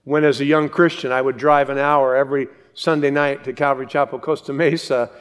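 A middle-aged male pastor teaching an expository Bible sermon, slowing down and dwelling on each phrase as he reads scripture aloud. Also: mid-range voice, fairly even intonation, clean tone. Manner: measured, slows to read scripture aloud.

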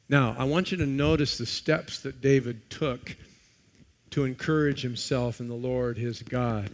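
A man preaching a sermon, reading scripture aloud and swinging between loud emphasis and hushed, quiet passages. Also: medium pitch, measured pace. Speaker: pastor.

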